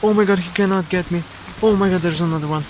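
A man's voice: high voice, fast talker, slight background noise, low-quality recording. A young man with a Slovenian accent, giving jumpy, panicky commentary while playing a horror game, swearing and repeating himself. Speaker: gaming YouTuber. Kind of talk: scared horror gameplay commentary.

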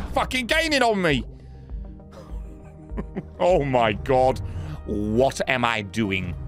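Excitable swearing gamer man. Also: medium pitch, slow, pauses often, soft background music. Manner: profane, excitable, yelling at the game. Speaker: gaming channel host. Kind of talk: let's play commentary.

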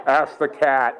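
An older man with a Boston accent, preaching a sermon in a church in a joking, conversational way with quick asides. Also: on the high side. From Boston area. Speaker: guest preacher. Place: church sanctuary.

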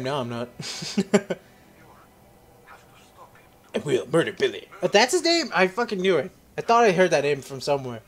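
A man giving joking, profane commentary while playing a horror game, yelping and shouting whenever something chases him. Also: a little high. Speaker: let's play host. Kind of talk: casual horror gameplay commentary.

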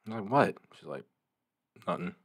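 A young man co-hosting a podcast, telling stories in a casual, animated way and acting out the people in them. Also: moderate pace. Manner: animated storyteller, acts out quoted voices. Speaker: podcast co-host. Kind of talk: casual chat, storytelling.

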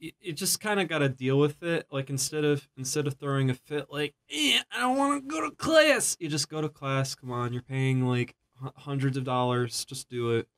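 Young guy co-host, easygoing, cracks jokes, mid-pitch voice. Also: steady tone, a little fast, hardly any pauses. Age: young adult. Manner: joking, easygoing, playful asides. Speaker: podcast co-host. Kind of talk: casual chat. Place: college campus.

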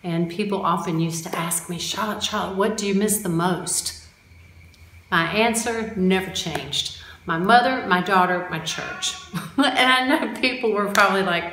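A woman's voice: mid-range voice, measured pace, fairly bright tone. A woman from the United States, a mission co-worker, sharing a personal testimony in a conversational way. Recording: roomy echo with faint background noise.

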